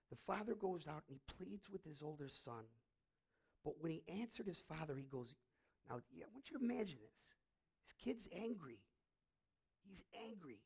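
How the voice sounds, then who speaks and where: Male pastor, middle-aged, gravelly voice, slightly high pitch, emphatic storytelling sermon. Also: darkish tone. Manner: storytelling, emphatic, asks rhetorical questions.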